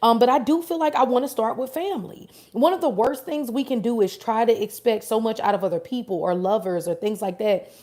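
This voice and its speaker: A woman's voice: on the high side, a little fast. Chatty woman giving a live tarot reading. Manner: chatty, warm, affirming, addresses viewers directly. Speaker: tarot reader. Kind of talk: live-stream tarot reading, casual chat with viewers.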